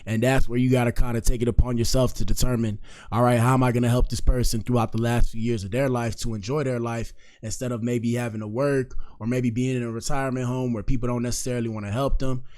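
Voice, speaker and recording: A man's voice: medium pitch, flat delivery, quick pace. A young man hosting a casual online reaction show, talking loosely in slang and reading out viewer comments. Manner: loose slangy talk, reads chat shout-outs. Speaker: streamer host reacting to clips.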